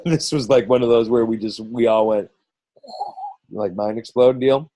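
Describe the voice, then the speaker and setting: Rambling middle-aged man, dark dry voice. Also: mid-range voice, a little slow, no echo, rough recording. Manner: rambling, full of restarts and quoted asides. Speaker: team coach leading a group call. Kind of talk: casual coaching talk.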